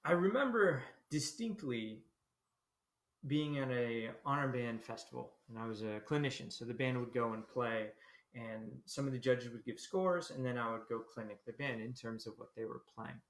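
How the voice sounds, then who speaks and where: A man's voice: medium pitch, normal speed. A man leading a livestreamed conducting lesson, explaining the score, singing rhythms on syllables and greeting viewers. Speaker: military band conductor. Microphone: computer camera mic. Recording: roomy echo.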